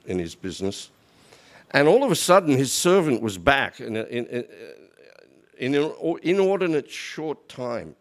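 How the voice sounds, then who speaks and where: A middle-aged man giving a storytelling sermon in a conversational way, often repeating words as he goes. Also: mid-range voice. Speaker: guest speaker at a temple.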